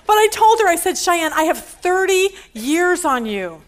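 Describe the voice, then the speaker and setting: A woman's voice: very high-pitched, animated, takes it slowly. A woman in her fifties teaching a women's Bible study in a chatty way, telling stories and laughing often.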